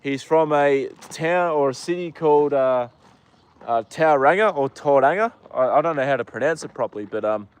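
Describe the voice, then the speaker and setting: A man's voice: on the high side, animated, moderate pace, smooth, dry recording. A young Australian man hosting a casual live stream outdoors with his horse, greeting viewers by name with lots of fillers. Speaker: livestream host.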